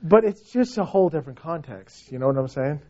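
A man preaching a sermon, dramatic, swinging from hushed words to loud cries. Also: fairly high pitch, animated, brisk, muffled recording.

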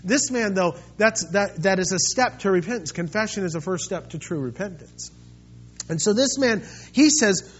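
A man preaching a sermon as pastor, swinging between quiet, intimate stretches and loud, impassioned ones. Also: sits high, lively intonation, normal speed, muffled recording, a little hiss or hum.

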